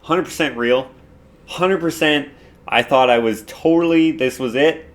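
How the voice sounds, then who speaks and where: A man from Canada co-hosting a casual talk show, telling a story step by step in a relaxed way. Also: on the high side, unhurried. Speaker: co-host. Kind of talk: casual chat.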